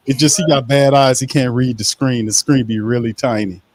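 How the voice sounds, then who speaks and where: A relaxed male host chats loosely and reads comments from the chat in a casual, joking way. His voice sits in a middle range and sounds dry and close, with no room around it. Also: mid-range voice, brisk, dry recording. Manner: laid-back, reads viewer comments aloud and laughs along. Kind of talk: casual live-stream chat.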